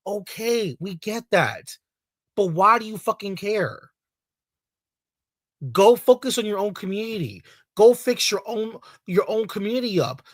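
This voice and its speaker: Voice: medium pitch, animated, unhurried, dry recording. A video creator ranting in a heated, profane way, repeating points over and over. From Latino community in the United States. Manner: angry, profane, repetitive rant.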